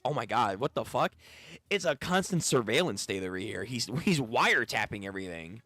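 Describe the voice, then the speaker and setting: A man reading a manga aloud and reacting bluntly with profane, animated comments. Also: medium pitch, fairly quick, no room sound, faint music behind.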